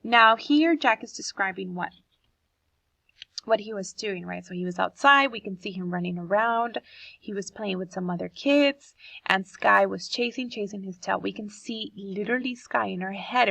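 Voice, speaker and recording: A woman's voice: medium pitch, vocal fry, fairly bright tone, no echo, rough recording. A woman teacher reading a poem aloud to children and explaining it, asking the class questions as she goes.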